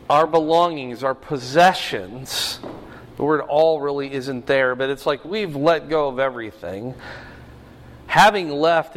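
A man preaching an expository sermon, stressing key words slowly and with emphasis. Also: medium pitch. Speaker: pastor. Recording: long hall reverb.

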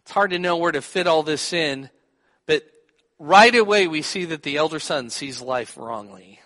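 A man's voice: a little high, animated, moderate pace, a bit bright, in a large hall. A man preaching a sermon, teaching and putting questions to his listeners. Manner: teaching, asks the audience questions.

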